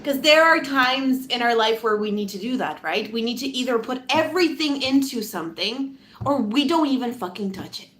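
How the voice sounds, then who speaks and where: A woman giving a casual pick-a-card tarot reading, chatty and animated, laughing often and swearing casually. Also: a little high, normal speed, slight background noise. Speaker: tarot reader.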